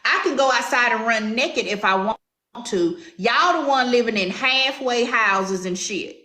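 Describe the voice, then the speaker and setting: Host, Southern woman, high bright voice, sassy and combative, echoey room. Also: a little slow. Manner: sassy, confrontational, drawling. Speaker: commentary show host. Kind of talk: heated commentary chat.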